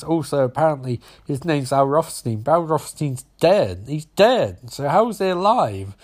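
A man with a somewhat high voice, talking through a TV episode in a loose, rambling recap. He makes sarcastic asides and swears freely. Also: animated, normal speed, few pauses. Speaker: show recapper.

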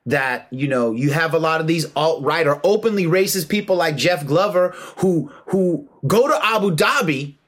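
A man delivering a heated, emphatic monologue with a slightly high voice. He lectures in a preachy, slangy way, pressing his points hard and slipping into mocking asides. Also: lively intonation, normal speed, few pauses, a bit bright. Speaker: martial arts commentator. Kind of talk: impassioned monologue.

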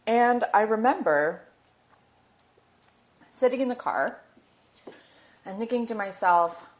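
A woman's voice: on the high side, animated, slow. A woman hosting a podcast, telling a personal story in a candid, emotional way and swearing casually. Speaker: podcast host.

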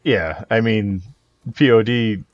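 A man with a low voice swaps rowdy concert stories on a podcast, swearing freely and breaking into laughter. The audio is muffled and lo-fi. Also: slow pace. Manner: profane, laughing storyteller. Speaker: podcast co-host. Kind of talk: casual chat.

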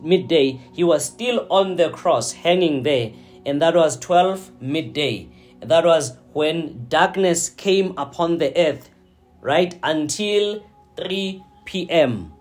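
A man preaching a sermon, slow and deliberate, often checking in with his listeners. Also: on the high side, a little mellow. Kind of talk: sermon teaching.

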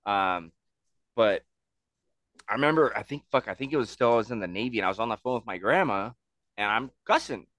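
A man hosting a casual podcast, telling stories in an animated, heavily profane way. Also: on the low side, fairly quick, pauses often, no room sound. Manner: animated, swears constantly, excitable storytelling. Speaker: podcast host.

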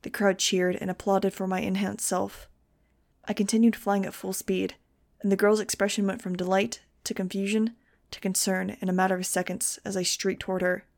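Gravelly-voiced woman reading a fan audiobook. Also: medium pitch, little pitch movement, moderate pace, a little mellow. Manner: wry first-person narration. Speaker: audiobook reader.

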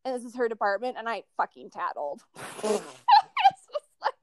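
A woman hosting a casual chat, telling a story with animated, profane delivery and lots of acted-out quotes. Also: a little high, measured pace, no echo.

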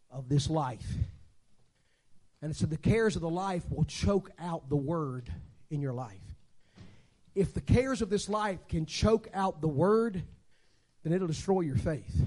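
A man in his sixties preaching a sermon as a guest preacher, telling stories and swinging between quiet talk and shouting. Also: on the high side.

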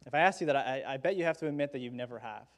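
A middle-aged man preaching a sermon in a conversational way, with dramatic pauses, who acts out the quoted dialogue. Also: medium pitch. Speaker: pastor.

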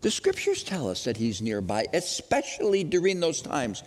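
A man preaching an Easter sermon as pastor, dramatic, moving from loud questions to hushed lines. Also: on the high side, wildly swooping pitch, moderate pace, long reverb tail.

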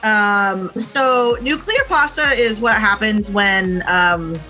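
Bright-voiced woman rambling casually. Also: mid-range voice, slow, faint music behind, low-quality recording. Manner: rambling, filler-heavy explaining. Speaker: podcast co-host. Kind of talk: casual chat.

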